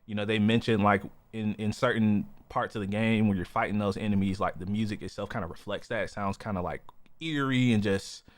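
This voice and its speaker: A man's voice: lowish voice, fairly even intonation, fairly quick. A man co-hosting a podcast in casual chat, rambling with lots of "you know" and "like" fillers. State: has the hiccups. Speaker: podcast co-host.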